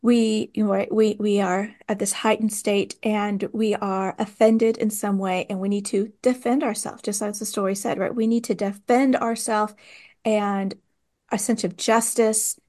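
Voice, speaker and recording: A woman's voice: medium pitch, flat delivery, measured pace, dark tone. A woman hosting a conversational interview, engaged and reflective, backing her guest with short affirmations. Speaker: interview host.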